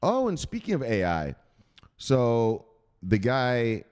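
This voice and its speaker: With huge pitch swings in a clean, slightly mellow mid-range voice, an American man reads a crypto news article slowly. He keeps stepping away for casual, chatty asides to his viewers, whom he asks to google things.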